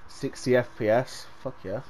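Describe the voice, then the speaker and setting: A young man chatting casually while playing a co-op game, excitable and swearing often. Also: mid-range voice, moderate pace, slight background noise. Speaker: gamer playing co-op. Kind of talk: casual let's-play chat.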